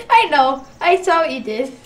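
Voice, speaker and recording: A young woman with a high voice chats and teases her friend during a game. She giggles easily and talks playfully. The mic sits a bit away from her, and noise is clearly heard behind her. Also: big pitch swings, a little slow, distant mic. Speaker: gamer. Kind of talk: casual gameplay chatter.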